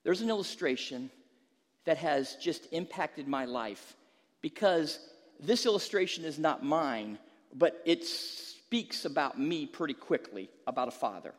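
A man's voice: fairly high pitch, expressive, measured pace, in a large hall. A male pastor preaching a sermon, telling a humorous story and then pressing an emphatic question to the listeners.

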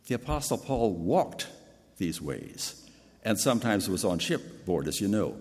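A man's voice: mid-range voice, sing-song, moderate pace. An older man with a big voice preaching a sermon in an earnest, personal storytelling way. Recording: long hall reverb.

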